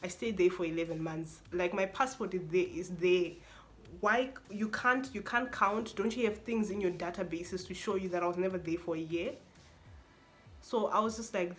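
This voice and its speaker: A young woman, a university student, telling an expressive, exasperated story-time vlog with lots of repetition. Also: fairly low pitch, moderate pace, soft background music. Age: young adult.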